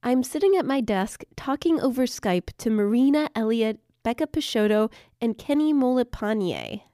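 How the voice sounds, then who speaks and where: Woman host reading science narration, cheerful, slightly high voice, dry close sound. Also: animated, normal speed, mellow, no room sound. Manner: clear, cheerful explaining with frequent laughs. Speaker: podcast host. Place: at her desk.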